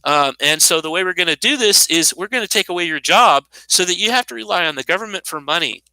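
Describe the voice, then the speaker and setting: This high-pitched American commentator in his 50s talks fast, his tone sharp yet clear and resonant. His unscripted monologue is indignant, sarcastic and meandering, full of restarts, captured on a low-quality recording with no echo.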